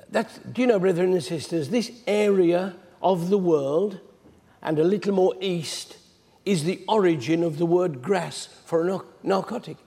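A man preaching a sermon, retelling scripture stories in a chatty storyteller manner. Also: high voice. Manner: conversational storytelling, animated retelling. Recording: long hall reverb.

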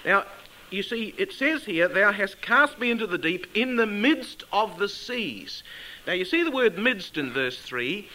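A man with a high-pitched voice leads a Bible study, his tone bright and forceful. He puts questions to the class and reads the verses out slowly, stressing each phrase. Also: very animated, low-quality recording. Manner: asks the listeners questions, reads scripture aloud slowly and with emphasis. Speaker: Bible teacher.

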